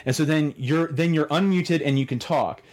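A man's voice: fairly high pitch, normal speed. A man hosting a podcast, telling a story in a casual, rambling way, with the odd swear word. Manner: rambling, animated retelling with swearing. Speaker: podcast host.

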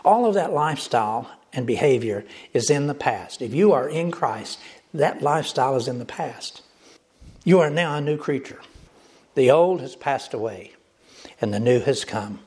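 A man's voice: mid-range voice, expressive, normal speed, darkish tone. A male pastor preaching a sermon, emphatic and repetitive, speaking directly to the congregation.

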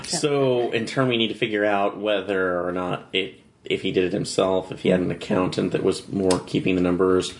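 A man's voice: low voice, steady tone, normal speed, slight background noise. A man playing a tabletop game, rambling and restarting his sentences. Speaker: player. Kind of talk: casual tabletop chat.

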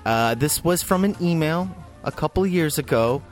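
A man's voice: a little high, lively intonation, normal speed, faint music behind. A man co-hosting a film podcast, rambling and laughing in casual chat. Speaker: podcast co-host.

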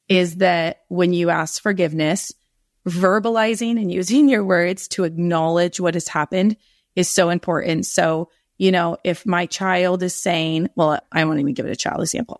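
A woman's voice: fairly low pitch, dry recording, clean studio sound. A middle-aged woman speaking as a guest author in a podcast interview, earnest and rambling, often correcting herself.

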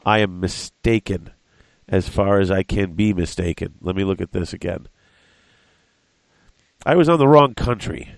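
A man's voice: low voice, moderate pace, creaky, long pauses, no echo. A man in casual hobby chat, thinking aloud as he works out prices and corrects himself.

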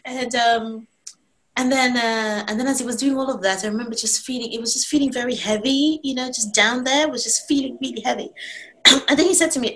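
A woman in her thirties, a guest in an interview, telling a long personal story in a casual, animated way and acting out her own past lines. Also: a little high, fairly quick, poor audio.

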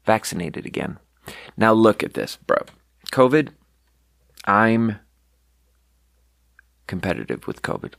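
A man's voice: fairly low pitch, no room sound, clean studio sound. A young man rambling candidly through personal stories on his podcast, swearing freely. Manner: candid, swearing, storytelling with quoted voices. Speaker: podcast host. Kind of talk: casual rambling monologue.

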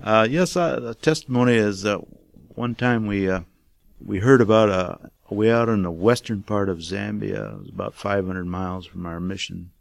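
A man's voice: fairly low pitch, normal speed, creaky, no echo. An older man, a missionary, telling a testimony in a folksy, rambling way with many fillers. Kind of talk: casual storytelling testimony.

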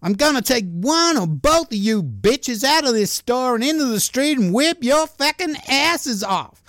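A man's voice: very animated, measured pace, fairly bright tone, no echo, full character voice. A man voicing a furious, foul-mouthed woman who hurls abuse and threats. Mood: raging. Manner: shrill, hurling abuse.

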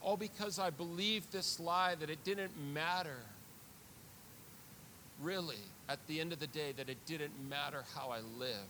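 A man's voice: a little high, moderate pace, sharp tone, slight background noise. A man preaching a sermon as pastor, earnest and confessional, often repeating words as he builds a point.

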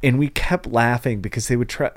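A man talks in a casual podcast chat, rambling through a story with plenty of swearing and quick bursts of laughter. His voice sits at a middling pitch, and the recording is dry and close, with no room sound. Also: no echo. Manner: loose, profane, laughing often. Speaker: podcast host. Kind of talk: casual conversation.

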